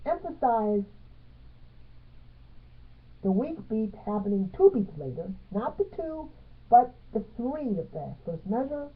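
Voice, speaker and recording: Woman slowly explaining music theory, counts beats out loud, tinny phone-like sound. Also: on the high side, sing-song. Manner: halting, counts beats aloud and stresses them. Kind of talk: piano music theory tutorial.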